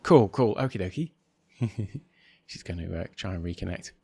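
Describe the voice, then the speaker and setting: A man's voice: low-pitched, expressive, normal speed, vocal fry, darkish tone, husky. A man hosting a casual video call chat, chatty and hesitant, laughing often. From United Kingdom. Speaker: host.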